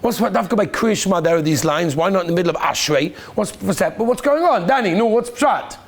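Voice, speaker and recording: A man teaching a lively classroom lesson as a rabbi, quizzing students by name and praising their answers. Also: high voice, fast talker.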